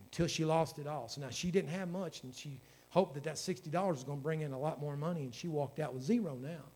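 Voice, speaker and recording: A man's voice: on the high side, quick pace, warm tone, slightly rough. A man, a pastor preaching a sermon in a folksy storytelling way that builds to fervent exhortation.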